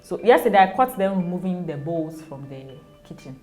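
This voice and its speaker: A woman's voice: fairly low pitch, lively intonation, moderate pace, darkish tone, faint music behind. A young Ghanaian mother in a casual interview, speaking animatedly, often laughing and acting out quoted voices. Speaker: interview guest, mother of two.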